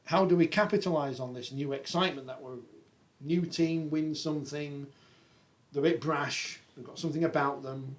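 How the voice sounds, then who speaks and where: An English man co-hosts a rugby league podcast, chatting casually on the panel and reading viewer comments aloud in a conversational way. His voice is a little high, with fairly even intonation and a moderate pace.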